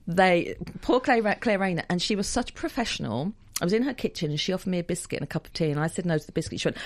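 A woman co-hosting a radio chat, telling anecdotes with lots of laughter. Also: mid-range voice. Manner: animated, laughing anecdote teller.

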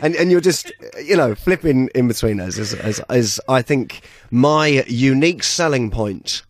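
Lively young man, quick impressions. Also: mid-range voice, slight background noise. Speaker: impressionist guest. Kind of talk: casual interview chat.

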